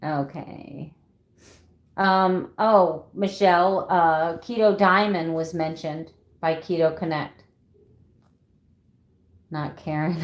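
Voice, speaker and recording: Woman in her 50s, keto vlogger, low-ish voice, chatty, laughs easily, roomy echo. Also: fairly even intonation, slow pace, pauses often. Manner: chatty, laughs often, reads out viewer names. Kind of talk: casual livestream chat with viewers. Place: home room. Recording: echoey room.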